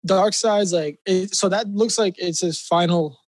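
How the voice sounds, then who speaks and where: A man co-hosting a podcast, excitable and filling his talk with "like". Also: high-pitched, a little slow, no room sound, studio quality. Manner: excitable, peppers speech with "like". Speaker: podcast co-host. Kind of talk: casual chat.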